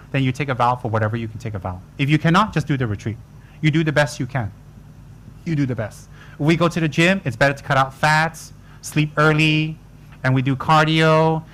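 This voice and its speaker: A man's voice: a little high, a bit bright. A man giving a joking, colloquial dharma talk to retreat students. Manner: joking, teasing, colloquial asides. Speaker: Buddhist teacher.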